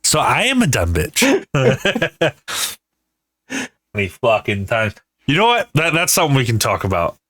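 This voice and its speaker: A man from Rhode Island riffs through casual comedy podcast banter, teasing his co-hosts and breaking into laughs. His voice sounds bright and forceful, and it comes across close and dry. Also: a little high, huge pitch swings, dry recording. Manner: laughing often, teasing, quick asides. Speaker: podcast co-host.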